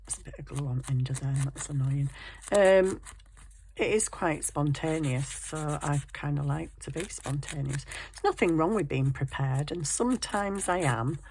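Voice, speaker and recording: A woman talks through her crafting at a home desk in a rambling, self-deprecating way. Her voice is low and gravelly, with faint noise in the background. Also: moderate pace, darkish tone. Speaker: craft vlogger. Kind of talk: casual crafting chat.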